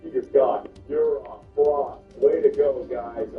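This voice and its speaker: A man commentating a hockey video game play by play, swinging from calm calls to loud outbursts and cursing, from Canada. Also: mid-range voice, drawn-out words, roomy sound, recorded from a distance, narrow, tinny audio, faint music behind. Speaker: gaming commentator.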